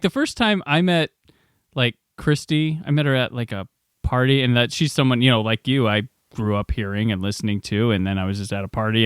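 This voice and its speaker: A man hosting a podcast interview, talkative and animated when telling his own stories. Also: on the high side, clear, resonant tone, dry recording, studio quality. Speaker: podcast host. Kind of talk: casual interview chat.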